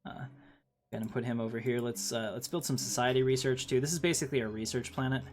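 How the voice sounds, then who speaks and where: A man on a game livestream, chatty and thinking out loud as he plays. His voice sits at an ordinary pitch. Faint music plays under his talk. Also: steady tone, fast. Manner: chatty, thinks aloud, reads game text, talks to viewers. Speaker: streamer playing a strategy game. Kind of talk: casual livestream commentary.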